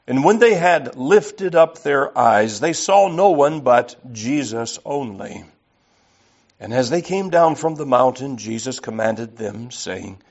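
A man's voice: medium pitch, animated, slow pace, creaky. A man preaching an earnest, emphatic sermon and reading scripture aloud. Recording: slightly dull lo-fi recording.

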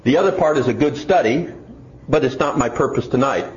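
A man's voice: medium pitch, lively intonation, fairly quick. A man preaching a sermon, putting mock questions to himself and answering them. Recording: echoey, dull lo-fi room recording.

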